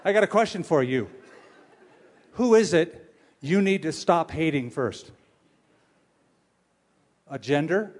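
Sex: man. Role: pastor. Style: sermon. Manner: animated, joking, asks the crowd questions. Pitch: fairly high for a man. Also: slow pace, pauses often. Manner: animated, humorous storytelling with audience questions.

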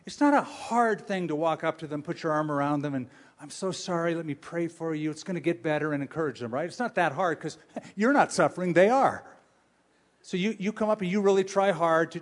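A male pastor preaching a sermon, with animated, humorous storytelling and questions for his audience. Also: fairly high pitch.

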